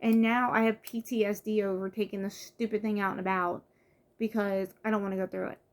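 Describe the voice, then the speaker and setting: A woman's voice: medium pitch, flat delivery, a little fast. A young woman from the United States venting in a casual vlog, frustrated, with many fillers and restarts. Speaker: vlogger. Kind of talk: casual vlog rant to camera.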